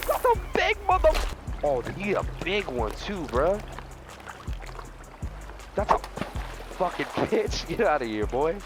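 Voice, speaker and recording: Young male game streamer, easily startled, swinging from low mutters to high yelps; music plays underneath. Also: sing-song, takes it slowly, long pauses. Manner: jumpy, shrieks in fright then mutters. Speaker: gaming video host. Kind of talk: profane let's-play commentary. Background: background music.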